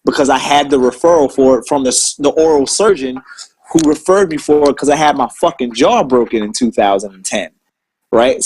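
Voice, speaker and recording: A man's voice: medium pitch, darkish tone, slight background noise, low-quality recording. A man telling old service stories in casual, profane chat, swearing constantly and sounding indignant. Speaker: Marine veteran telling stories.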